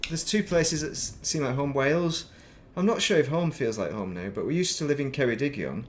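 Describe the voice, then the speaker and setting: A man with a softened northern English accent talks in a loose, meandering way, drifting from thought to thought. He is a middle-aged game streamer chatting casually as he plays, with a mid-range everyday voice. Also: medium pitch, lively intonation, a little fast, slight background noise. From northern England. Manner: rambling, thinks aloud, laughs at himself. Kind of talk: casual chat while playing.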